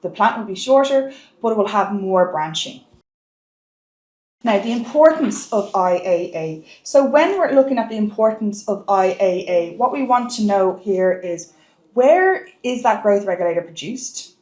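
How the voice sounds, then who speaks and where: A woman's voice: mid-range voice, expressive, a little slow, a little mellow. Woman teacher going over biology for the exam, leans hard on key words, roomy echo. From Ireland. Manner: emphatic, repeats key words for exam marks. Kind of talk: exam-focused lesson.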